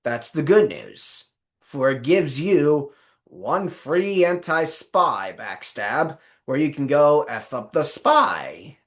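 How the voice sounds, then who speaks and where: Slow, lively man in a put-on Australian accent. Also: on the high side. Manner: playful, rambling, with self-corrections. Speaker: game guide narrator. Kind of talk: casual video game guide narration.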